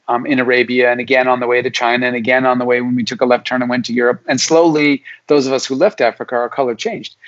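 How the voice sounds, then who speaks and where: A middle-aged man, a psychology professor talking as a guest in a casual interview, explaining ideas and acting out what imagined people would say. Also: mid-range voice. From Alaska, USA. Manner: explanatory, acts out imagined people's lines in quotes. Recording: dull lo-fi audio.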